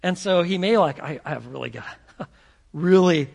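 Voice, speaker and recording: A pastor preaching in a high, gravelly voice. He talks conversationally and animatedly, slipping into voices to act out his scenes. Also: expressive, normal speed, darkish tone. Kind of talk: sermon.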